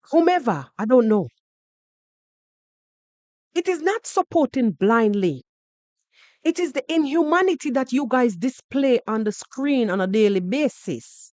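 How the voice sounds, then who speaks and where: This is a Jamaican woman hosting a reaction podcast, her voice riding high with wide, lively swings. She argues heatedly and mockingly, dropping into patois and tripping over repeated words. The sound is close and dry. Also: no echo. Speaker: podcast host reacting to other creators.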